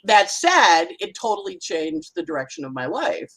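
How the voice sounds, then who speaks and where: A middle-aged woman with a husky, slightly breathy voice talks astrology in a relaxed podcast chat. Her pitch swings widely as she tells stories, acting out what others said and laughing often. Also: moderate pace, low-quality recording. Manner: animated storytelling, acts out quoted voices, laughs often. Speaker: astrologer guest.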